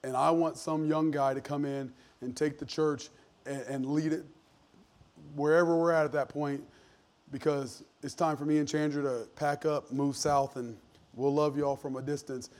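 A man's voice: a little high, level tone, normal speed, darkish tone. A man, preaching a sermon as pastor in an earnest, emphatic, conversational way with frequent restarts. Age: 40s.

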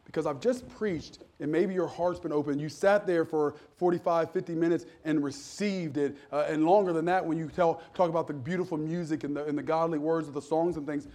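A man's voice: on the high side, steady tone, fairly quick, hardly any pauses, mellow. A middle-aged man preaching a sermon as pastor, folksy and joking, building to emphatic preaching. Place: church.

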